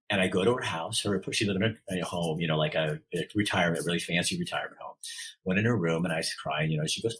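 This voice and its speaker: A middle-aged man with a deep, notably husky voice opens up as a podcast guest. He tells a personal story from the heart. His sentences often stall and restart as he searches for words. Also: fast, a bit bright, rough recording.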